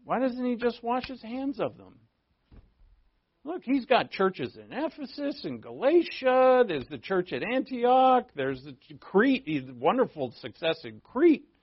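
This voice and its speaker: Animated New pastor, lo-fi sermon. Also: male voice, unhurried, slightly rough. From New England. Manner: animated and joking, with big pitch swings. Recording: dull lo-fi sermon recording.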